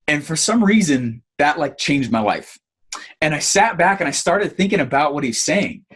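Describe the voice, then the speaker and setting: A man giving an online marketing training, telling stories in an animated way with lots of fillers. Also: fairly high pitch, moderate pace, husky. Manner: animated storytelling with many fillers.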